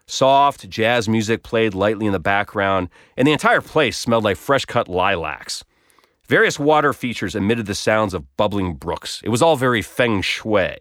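A man's voice: on the low side, animated, normal speed, fairly bright tone, dry recording, studio quality. Wry man telling a personal story. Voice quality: wry, self-deprecating, conversational. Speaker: blog storyteller.

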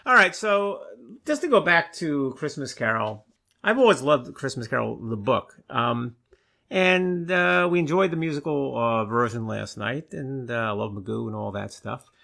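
A man with a gravelly, creaky voice co-hosts a relaxed talk show. He speaks with plain enthusiasm and sits in a middle pitch for a man. When he reads aloud he slows to a careful, deliberate pace. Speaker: podcast co-host. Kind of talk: casual chat and reading aloud.

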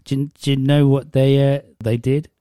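A man's voice: medium pitch, moderate pace, smooth, dry recording, studio quality. A man hosting a casual podcast chat, joking and laughing often. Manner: jokey, laughs often, lively. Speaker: podcast host.

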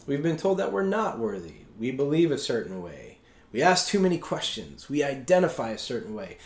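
A man's voice: mid-range voice, very animated, fairly quick, echoey room. A man preaching a sermon as pastor in a conversational way, often checking in with his listeners. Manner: conversational, keeps asking "right?".

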